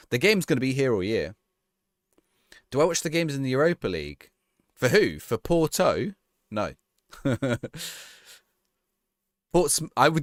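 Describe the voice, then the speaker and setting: Lively, chatty man streaming a game. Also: mid-range voice, no echo, clean studio sound. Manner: reads viewer questions aloud and answers offhand, often restarting sentences. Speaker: game streamer answering live chat. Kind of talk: casual chat.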